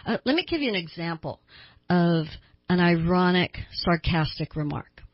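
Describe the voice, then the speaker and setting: A woman's voice: lowish voice, animated, moderate pace, dry recording, muffled recording. A woman therapist hosting a radio talk show, explaining things earnestly with small laughs.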